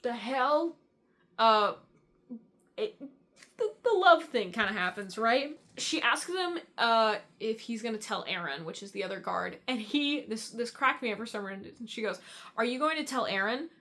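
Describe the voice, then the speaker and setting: A woman's voice: a little high, very animated, normal speed, fairly bright tone. A young woman giving a casual, rambling book breakdown, chatty and full of fillers and swearing. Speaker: book reviewer.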